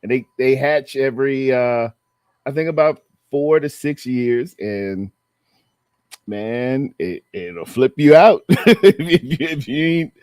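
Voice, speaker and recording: A man's voice: mid-range voice, slow pace, darkish tone, no echo, clean studio sound. A man, hosting a casual chat, telling stories in a drawling, laughing way. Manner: laid-back storyteller, drawling, laughs often. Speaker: host.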